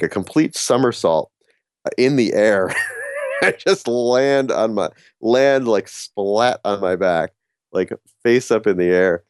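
A middle-aged man telling a casual personal story about courage, halting with frequent restarts and laughing at himself. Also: deep voice, darkish tone, no echo, studio quality. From New Jersey. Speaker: speaker on courage.

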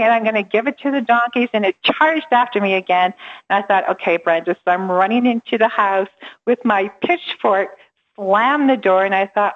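A woman's voice: mid-range voice, normal speed, highs cut off. A middle-aged woman, a coach interviewed as a guest, telling her story with energy, acting out quoted dialogue and laughing often.

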